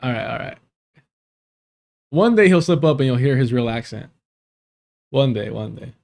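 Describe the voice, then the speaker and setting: Male streamer, casual chat, rambling, frequent chuckles, mid-pitched voice. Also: animated, moderate pace, vocal fry, darkish tone. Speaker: livestream host.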